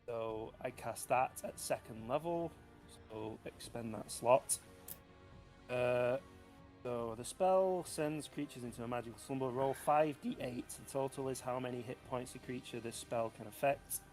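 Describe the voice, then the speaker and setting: A man's voice: medium pitch, unhurried, a little mellow, faint music behind. A man playing a tabletop game, thinking aloud as he reads rules and works out dice. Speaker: player. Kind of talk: casual tabletop game talk.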